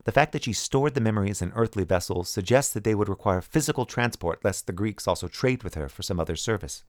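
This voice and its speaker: A man reading an audiobook, voicing a calm, shrewd male investigator who reasons things out. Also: fairly low pitch, dry recording, clean studio sound, close to an everyday voice. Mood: measured. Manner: measured, reasoning.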